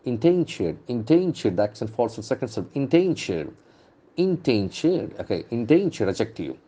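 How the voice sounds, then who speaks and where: A man's voice: medium pitch, sing-song, brisk, dark tone. A man teaching English vocabulary from the newspaper, repeating words and stressing their syllables. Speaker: English trainer.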